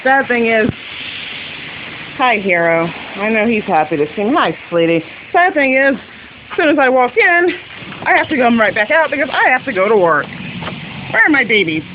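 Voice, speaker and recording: A woman's voice: on the high side, lively intonation, moderate pace. A woman vlogging casually at home on her phone, chatting to her pets between remarks. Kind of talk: casual travel vlog. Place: at home, indoors. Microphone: phone held by hand. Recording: dull lo-fi phone audio, faint noise.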